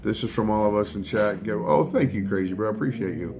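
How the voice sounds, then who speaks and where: A man's voice: on the low side, a little fast, over music. A middle-aged man hosting a casual live stream from home, telling a rambling story full of swearing and breaking off to thank viewers. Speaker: livestream host.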